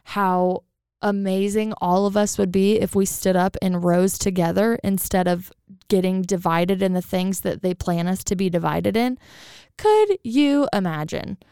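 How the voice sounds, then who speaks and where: A chatty woman hosting a podcast, talking in a casual, animated way. Her voice is smooth but has a gravelly edge, and it sounds close and dry. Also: medium pitch, a little slow, no echo. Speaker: podcast co-host. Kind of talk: casual chat.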